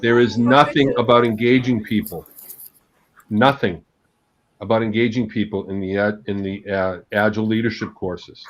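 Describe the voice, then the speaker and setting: Low-voiced man telling a lively story. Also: normal speed. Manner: animated, vivid anecdotal delivery. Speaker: guest agile coach. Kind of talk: storytelling in a live panel talk. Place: live panel at a bar. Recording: dull lo-fi sound.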